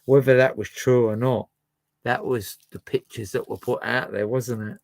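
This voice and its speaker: A man's voice: medium pitch, steady tone, normal speed, vocal fry, no echo. A man chatting and musing as host of a livestream where he plays records. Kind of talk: casual chat to a live chat.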